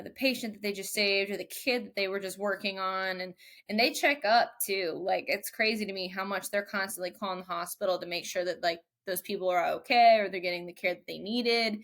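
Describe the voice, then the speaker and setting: A young woman, a mechanic guest on a podcast, telling a story casually and lively, quoting others in raised voices. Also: medium pitch.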